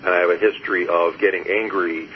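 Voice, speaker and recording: Low voiced therapist guy telling stories, lots of uhs and little laughs, faint hiss. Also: fairly even intonation, quick pace. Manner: reflective, storytelling, laughs softly, many fillers. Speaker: guest, therapist. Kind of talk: conversational interview. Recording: muffled lo-fi audio with faint hiss.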